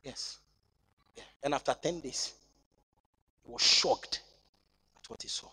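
A man preaching a sermon in church, swinging between shouting and near-whispering. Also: medium pitch, slow pace, slightly rough. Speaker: pastor.

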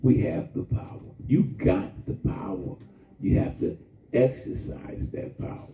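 A man preaching a sermon in a call-and-response style, drawing out his emphasis slowly and then rushing through asides. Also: sits low, animated, dark tone, slight background noise. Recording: distant, echoey, phone-like sound from far off.

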